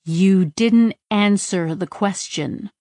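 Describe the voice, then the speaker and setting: A woman's voice: medium pitch, slow, no room sound, clean studio sound, close to an everyday voice. A woman narrator voicing an agitated woman who presses hard with urgent, swearing questions. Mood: frantic. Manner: urgent, swearing, rising to near shouts. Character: agitated adult woman, sharp and frantic.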